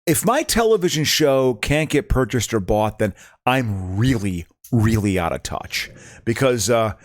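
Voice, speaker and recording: A man's voice: mid-range voice, expressive, a little slow, dry recording, clean studio sound. A man co-hosting a podcast in casual chat, rambling and self-mocking as he explains a show. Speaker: podcast co-host.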